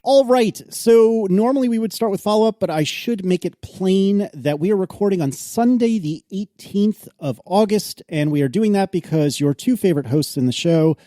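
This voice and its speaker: A man co-hosting a podcast in casual chat, animated and quick to laugh, with exasperated protests. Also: high voice, dry recording, studio quality. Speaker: podcast co-host.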